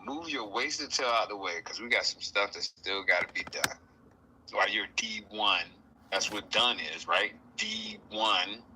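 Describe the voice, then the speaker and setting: A man giving a casual spiritual talk, playful and animated, often acting out other people's voices. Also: on the low side, a little slow, slight background noise, rough recording. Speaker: guest speaker.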